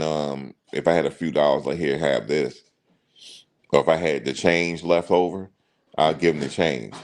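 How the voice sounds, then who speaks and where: Deep-voiced man chatting to viewers. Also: a little mellow. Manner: chatty storyteller, addresses viewers directly, repeats himself. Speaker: commentary channel host. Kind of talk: casual reaction commentary.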